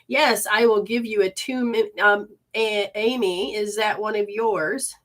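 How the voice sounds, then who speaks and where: A woman with a medium-pitched, steady voice leads a live healing session and gives readings. She soothes and coaxes, repeating instructions, addressing both viewers and spirits while switching quickly between voices.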